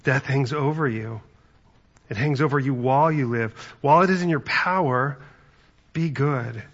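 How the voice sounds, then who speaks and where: A man's voice: medium pitch, normal speed, a bit bright, highs cut off. A man giving a conversational sermon as pastor, telling stories and acting out quotes. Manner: conversational, storytelling with acted-out quotes.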